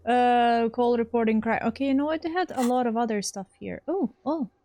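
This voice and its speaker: A woman's voice: fairly high pitch, brisk, warm tone. A woman streaming a video game, chatting casually and thinking aloud as she reads out her choices. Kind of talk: casual let's-play commentary.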